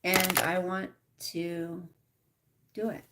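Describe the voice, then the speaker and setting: Slow-talking chatty woman. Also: lowish voice, flat delivery, a bit bright. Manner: chatty, reads out viewer comments. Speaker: livestream host. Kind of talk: casual live chat with viewers.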